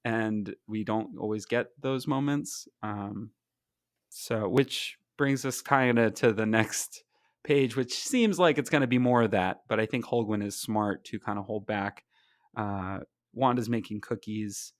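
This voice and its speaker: A man's voice: fairly low pitch, a little slow, no room sound, clean studio sound. A man co-hosting a podcast, chatting casually about comics in an enthusiastic, rambling way with lots of fillers. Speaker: podcast co-host.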